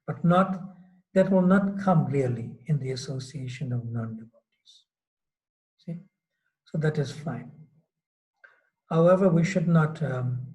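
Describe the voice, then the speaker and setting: A man's voice: medium pitch, dark tone, low-quality recording. A man giving a sermon as a swami, telling a story loosely with many fillers and restarts. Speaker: swami giving a scripture class. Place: temple hall.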